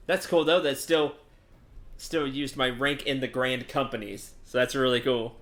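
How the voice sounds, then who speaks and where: A man's voice: medium pitch, steady tone, unhurried, a bit bright. A man streaming a video game, chatting casually, chuckling and stumbling over names. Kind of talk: casual gaming commentary.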